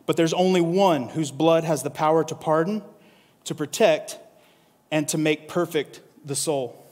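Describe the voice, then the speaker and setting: A male pastor with a fairly high voice preaches a casual, animated sermon from scripture. He keeps checking in with his listeners by asking "right?". His voice carries a long reverb, as in a large hall. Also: unhurried.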